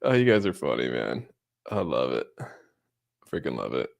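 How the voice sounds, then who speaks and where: A man's voice: very deep voice, big pitch swings, normal speed, vocal fry. A young man hosting a live crypto stream, reacting to his chat with frequent laughter and lots of "dude". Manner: laughs often, says "dude" a lot, giddy and amused. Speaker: crypto livestream host.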